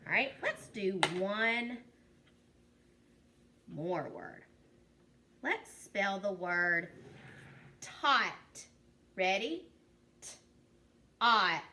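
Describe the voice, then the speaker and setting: Slow, bright-voiced woman teaching phonics. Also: medium pitch, sing-song, a little hiss or hum. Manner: slow, drawn-out sounding out of words; patient, encouraging classroom voice. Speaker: kindergarten teacher. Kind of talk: remote phonics lesson for young children.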